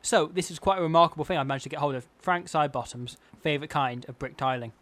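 A man co-hosting a comedy podcast, delivering absurd bits in a deadpan, mock-serious way. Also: a little high, fast talker, dry recording. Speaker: podcast co-host.

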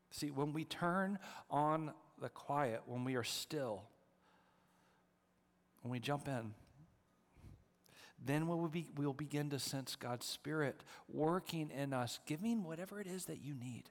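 A middle-aged man preaching a sermon as pastor, moving between hushed, prayerful near-whispers and lively storytelling. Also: on the high side, takes it slowly. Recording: long hall reverb.

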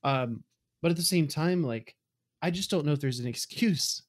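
A man's voice: fairly high pitch, normal speed. A man co-hosting a podcast, talking in earnest casual chat and often checking in with "right?". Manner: earnest, frustrated, keeps asking "right?". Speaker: podcast co-host.

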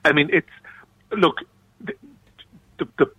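An Irish man speaking as a union official in a radio interview, earnest and halting, often restarting his sentences. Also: fairly high pitch, pushed and bright, slightly rough, no room sound, rough recording.

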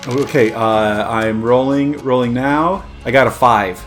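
A man's voice: medium pitch, a little slow, a bit bright, soft background music. Man rambling as a role-play player. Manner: rambling, hesitant, lots of fillers. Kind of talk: casual podcast chat and role-play.

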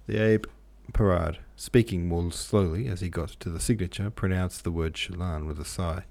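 Audiobook narrator, male, low and gravelly, measured delivery. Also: steady tone, darkish tone. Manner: measured, occasionally self-correcting. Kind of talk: reading a classic novel aloud.

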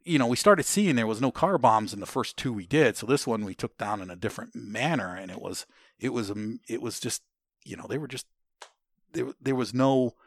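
Brisk and expressive in a mid-range voice, a U.S. military veteran swaps war stories in conversation. He is blunt, swears, and rambles through many restarts and "you know" fillers. The studio sound is clean and free of room noise.

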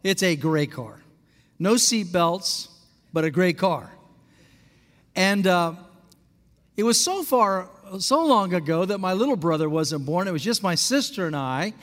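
Guy pastor w a high voice, animated storytelling sermon, big echoey hall, keeps asking the crowd stuff. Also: measured pace, long pauses. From Alaska. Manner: animated storyteller, asks the congregation questions. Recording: long hall reverb.

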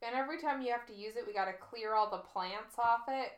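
A woman's voice: on the high side, fast. A Canadian-born woman co-hosting a podcast, chatting casually, giggly and enthusiastic. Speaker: podcast co-host. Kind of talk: casual chat. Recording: roomy echo.

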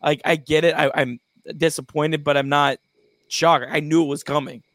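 Even-toned man talking baseball. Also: a little high, no echo. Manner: measured, agreeable, with frequent restarts. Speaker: co-host. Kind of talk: casual sports podcast chat.

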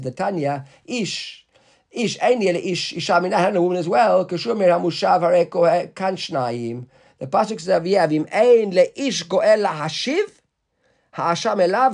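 A man teaching a Talmud class to students in the room, reading the Aramaic text slowly and then explaining it in English, often checking in with questions. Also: high-pitched, a little mellow.

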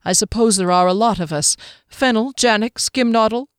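A woman's voice: on the high side, normal speed, no echo, clean studio sound, pitched above the performer's own voice, natural voice. A woman voicing a courteous, firm young man who works as a healer.

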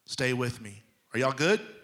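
A man preaching a sermon, moving between loud emphatic lines and hushed near-whispers, often checking in with his congregation. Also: medium pitch, animated, a little slow. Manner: addresses the congregation directly, checking in with them.

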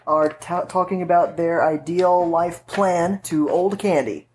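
A woman's voice: on the low side, a little slow, darkish tone, slight background noise. A woman hosting a podcast in a casual, chatty way, explaining things with easy fillers. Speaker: podcast host.

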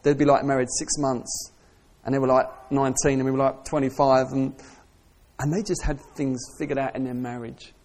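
A middle-aged man preaching a sermon, moving between soft reflective asides and raised, passionate calls. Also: mid-range voice, level tone, brisk.

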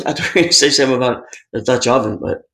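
A man's voice: medium pitch, racing, vocal fry, bright, forceful tone. Profane, rambling man. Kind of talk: casual comedic banter. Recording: roomy echo.

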